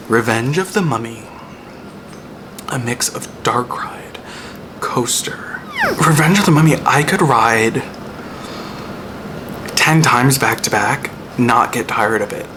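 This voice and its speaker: A young man vlogging a casual, profane rant-style review with sudden loud outbursts. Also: mid-range voice. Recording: noticeable background noise.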